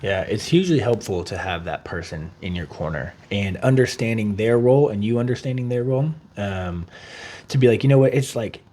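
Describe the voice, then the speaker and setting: A man co-hosting a podcast, chatting casually, swearing freely and acting out quotes in an animated way. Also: on the low side, brisk. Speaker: podcast co-host.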